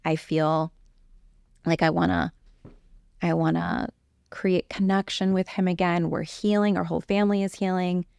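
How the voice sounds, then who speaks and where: Gravelly, low-voiced woman telling a story. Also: moderate pace, long pauses, dry recording. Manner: animated, acts out quoted exchanges with a therapist. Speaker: coach. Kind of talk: storytelling in a conversational interview.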